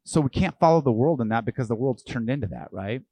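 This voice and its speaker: A man's voice: medium pitch, animated, quick pace, darkish tone, no echo. A man preaching a sermon as pastor. He asks his listeners questions and acts out the voices of the people he quotes.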